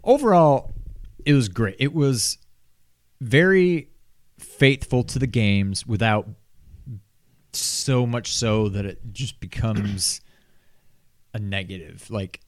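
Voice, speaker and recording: A man's voice: medium pitch, slow pace, long pauses, dry recording. A man chatting casually about a film, hesitant and often trailing off. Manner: hesitant, trailing off, many fillers. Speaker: co-host reviewing a film. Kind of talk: casual chat.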